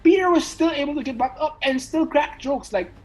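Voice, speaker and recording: A man's voice: very high voice, a little fast, soft background music, poor audio. Stammering, swearing man ranting about movies. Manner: rambling, stammering restarts, swearing for emphasis. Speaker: podcast co-host. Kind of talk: casual movie chat.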